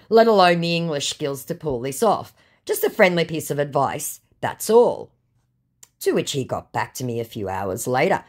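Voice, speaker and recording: An Australian woman hosting a scam-baiting video, retelling a chat in a sarcastic, mocking way. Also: sits low. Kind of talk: recounting a chat.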